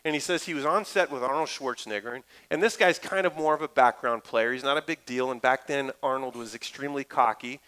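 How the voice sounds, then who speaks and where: A middle-aged man, a pastor, preaching a lively, conversational sermon full of asides and stories. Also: medium pitch, fast, hardly any pauses, clean tone, poor audio.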